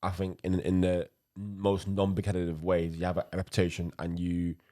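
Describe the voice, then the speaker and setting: A man's voice: low voice, monotone, brisk, warm tone. A man, a goalkeeper co-hosting a podcast, talking casually with many restarts and repeated words. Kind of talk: casual chat.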